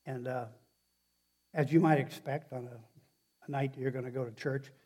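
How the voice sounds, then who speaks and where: A male pastor gives a loose, conversational sermon, often breaking off and restarting sentences and turning to ask the congregation questions. His voice is medium-pitched and darkish, steady in tone, at a normal speed.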